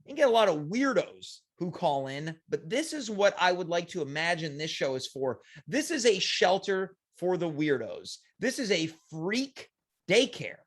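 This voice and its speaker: Man, high voice, call-in show host, dry bemused questions. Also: very animated, normal speed. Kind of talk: comedic live call-in show.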